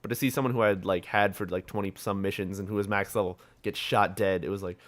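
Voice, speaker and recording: A man's voice: fairly low pitch, steady tone, quick pace. A young man co-hosting a casual gaming podcast, rambling through stories, laughing often and swearing freely. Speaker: podcast co-host.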